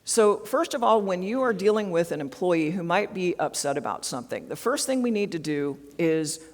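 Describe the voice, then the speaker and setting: A woman's voice: fairly low pitch, big pitch swings, normal speed. A woman giving an interactive HR training talk at a conference, often checking in with the audience with tag questions. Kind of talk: interactive workshop presentation. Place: large conference hall. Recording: long hall reverb.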